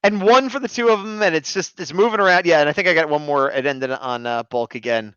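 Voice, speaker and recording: A man's voice: on the high side, fast talker, pushed and bright, smooth, dry recording. A man co-hosting a casual review chat, easygoing and laughing often. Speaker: podcast co-host. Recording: slightly muffled lo-fi mic.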